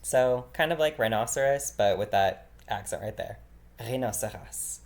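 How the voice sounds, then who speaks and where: A man teaching a beginner vocabulary lesson, explaining casually with fillers and repeating each word slowly. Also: mid-range voice, expressive. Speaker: French teacher.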